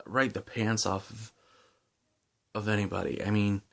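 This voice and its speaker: Low-voiced man gushing over a book. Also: flat delivery, measured pace, creaky, fairly bright tone. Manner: enthusiastic, rambling with many fillers and restarts. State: chewing gum. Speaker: book reviewer. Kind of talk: casual book review vlog.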